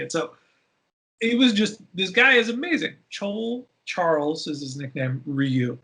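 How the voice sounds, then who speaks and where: A man who is a podcast guest, telling stories in a casual interview with lively, animated delivery. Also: moderate pace. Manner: animated storyteller with big pitch jumps.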